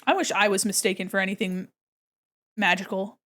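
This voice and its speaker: A woman's voice: mid-range voice, fairly even intonation, a little fast, noisy background. Chatty American woman streamer. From United States. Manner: chatty, self-deprecating, answers chat with frequent laughs. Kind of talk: casual livestream chat while drawing.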